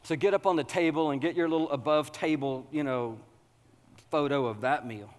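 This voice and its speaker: A man preaching a sermon, animated and humorous, working up to loud, excited preaching. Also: a little high, moderate pace, in a large hall, a little hiss or hum. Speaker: pastor.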